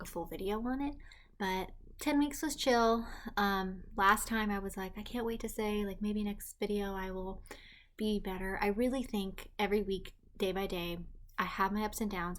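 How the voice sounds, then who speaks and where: A young woman casually chatting in a vlog, rambling on tangents and often speaking quietly and hushed while her partner sleeps nearby. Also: mid-range voice. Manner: rambling, chatty, self-deprecating. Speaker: vlogger. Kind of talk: casual pregnancy update vlog.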